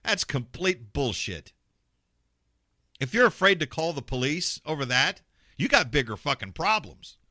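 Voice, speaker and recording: A man rants on his talk radio show, blunt and sarcastic and quick to swear. His pitch rises and falls a lot. The sound is dry and close, with no room around him. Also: sing-song, sharp tone, no echo. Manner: mocks callers in put-on voices. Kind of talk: ranting talk radio monologue.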